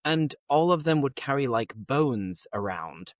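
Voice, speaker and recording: A man's voice: mid-range voice, very animated, measured pace, no echo, studio quality. A man co-hosting an English-learning podcast, chatting casually in a teacherly way and slipping in Spanish phrases. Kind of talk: casual chat.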